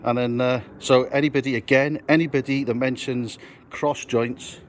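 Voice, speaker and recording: A man's voice: medium pitch, steady tone, normal speed, slight background noise. A British man, a builder and landscaper, hosting a casual vlog outdoors on a garden building site, teasing his workmate and chatting through a phone camera. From United Kingdom. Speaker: builder and landscaper, channel host. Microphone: phone camera held by the speaker.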